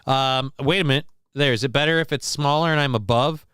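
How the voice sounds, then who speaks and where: A man's voice: mid-range voice, a little fast, fairly bright tone, clean tone, no echo, clean studio sound. A man hosting a casual comedy commentary, joking crudely and rambling as he reacts to clips. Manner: crude joking, mock voices, loose rambling. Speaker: host reacting to news clips.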